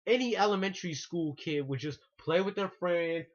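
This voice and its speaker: Speaking at normal speed in a high-pitched voice, this online ranter vents indignantly in a vlog monologue. He's repetitive and restarts often, and the recording is muffled and lo-fi.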